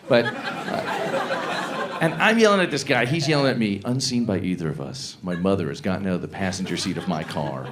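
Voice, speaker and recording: A man performing a stand-up comedy set, telling a story with animated delivery that rises to shouts. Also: medium pitch, a little fast.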